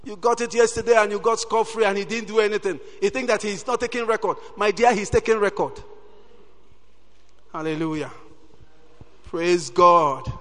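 High-voiced preacher in a reverberant hall. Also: male voice, a little fast. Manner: animated, peppers talk with "Hallelujah". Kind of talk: sermon.

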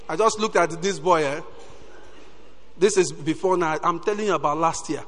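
Long reverb fills the recording as if in a big church, where a man preaches at normal speed, leaving long pauses. His high, ringing voice stays animated, punctuated by "Hallelujah" and other calls of praise.

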